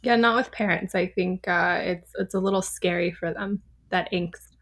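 A woman in her thirties from Southern California, a podcast guest telling a story in a chatty, animated way, laughing often and full of fillers. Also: lowish voice, moderate pace. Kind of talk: casual storytelling.

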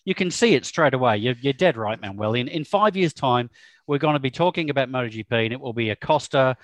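A man, hosting a casual motorsport chat with a lively, joking manner. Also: medium pitch, fast talker, no room sound. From Australia. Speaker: podcast host.

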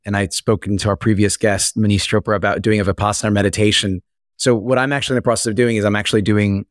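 A man's voice: lowish voice, no echo, studio quality. A man co-hosting a podcast interview, sharing personal experiences earnestly. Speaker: podcast co-host. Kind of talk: interview conversation.

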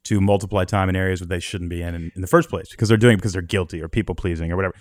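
A man's voice: low voice, fairly even intonation, rapid-fire, no room sound, studio quality. A man hosting a conversational interview, engaged and asking reflective questions. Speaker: podcast host.

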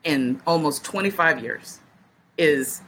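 A woman's voice: sits low, takes it slowly, a bit bright, slight background noise, poor audio. A woman in her forties, a podcast guest telling a story in casual chat and acting out other people's words as she goes.

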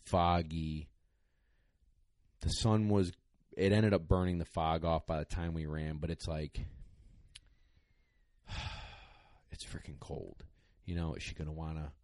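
In a dry recording, a young man with a low voice, who works as a dog trainer, casually tells a story on a podcast. He rambles, gets excited and emotional, and uses lots of fillers.

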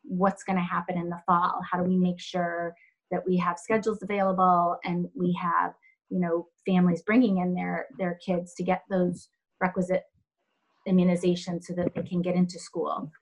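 A woman who runs a health center, answering interview questions in a thoughtful, halting way with many fillers. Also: fairly low pitch, level tone, rough recording.

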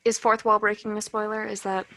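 A woman chatting casually on a podcast, enthusiastic and a little halting. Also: mid-range voice, flat delivery, pushed and bright, no room sound, clean studio sound. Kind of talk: casual group chat.

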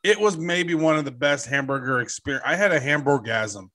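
Man, fairly high voice, joking co-host, animated storyteller, casual chat. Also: fairly quick. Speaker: podcast co-host.

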